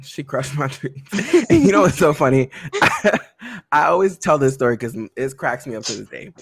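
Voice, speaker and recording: A podcast co-host from a Caribbean family chats casually, telling stories in an animated way and performing the quoted lines. His voice is fairly high, creaky, and slightly rough, at normal speed with no echo.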